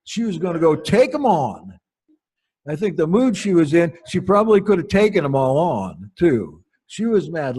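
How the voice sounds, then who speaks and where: A pastor telling wry, anecdotal stories from the pulpit in an unhurried way. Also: male voice, a little high, very animated, warm tone, slightly rough. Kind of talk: storytelling sermon.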